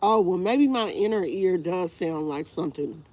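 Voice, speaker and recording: A woman's voice: fairly low pitch, lively intonation, normal speed, darkish tone. A woman hosting a casual livestream, congested with a stuffy nose, rambling in a tired, fed-up way. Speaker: livestream host. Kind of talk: casual live chat with viewers.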